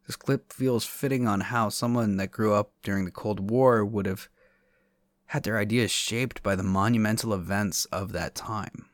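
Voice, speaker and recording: A man's voice: on the low side, fairly even intonation, normal speed, no room sound. Dry-humored man hosting a podcast. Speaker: podcast host. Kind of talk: scripted monologue.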